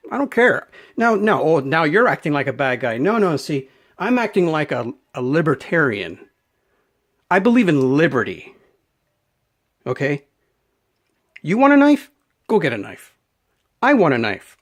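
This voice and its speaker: A man ranting unscripted to camera as a knife vlogger, emphatic and rambling, often repeating his words. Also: a little high. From Canada.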